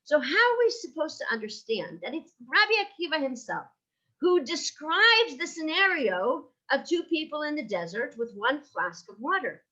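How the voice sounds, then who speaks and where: A woman's voice: high voice, big pitch swings, moderate pace, sharp tone, lo-fi sound. A woman teaching a Jewish ethics class, engaging her listeners with rhetorical questions and "right?", and weaving Hebrew terms into her English. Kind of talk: lively lecture.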